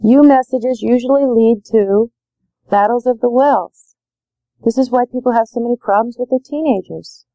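A woman's voice: a little high, fairly quick, dry recording, narrow, tinny audio. A woman leading a parenting workshop, talking emphatically with lots of repetition. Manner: emphatic, repetitive, acts out dialogue. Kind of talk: live workshop talk.

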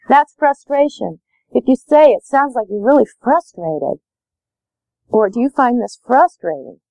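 A woman's voice: fairly high pitch, animated, measured pace, gravelly, mellow, no echo, dull audio. A woman leading a parenting workshop, talking emphatically with lots of repetition. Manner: emphatic, repetitive, acts out dialogue. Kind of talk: live workshop talk.

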